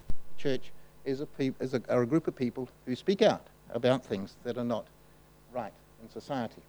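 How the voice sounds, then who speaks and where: A man gives a sermon in a relaxed, conversational voice. He often pauses and restarts as he works through his points. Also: medium pitch, rough recording. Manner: conversational, halting with fillers and restarts. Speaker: preacher.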